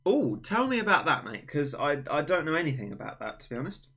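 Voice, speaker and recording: A man's voice: on the high side, very animated, quick pace, pushed and bright. A young man hosting a livestream, chatting casually in a rambling, self-mocking way. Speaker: livestream host. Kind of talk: casual chat on a stream.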